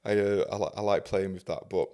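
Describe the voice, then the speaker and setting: A deep-voiced man hosts a podcast in relaxed, rambling conversation. He talks in loose, unpolished sentences full of fillers and casual swearing. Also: brisk. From England. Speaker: podcast host.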